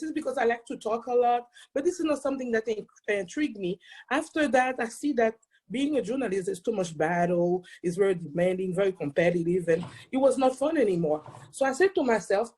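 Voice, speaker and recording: A woman in her forties with a thick Haitian accent, sharing a personal testimony as an invited speaker in an excitable way that is quick to laugh. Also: fairly high pitch, husky. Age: 40s.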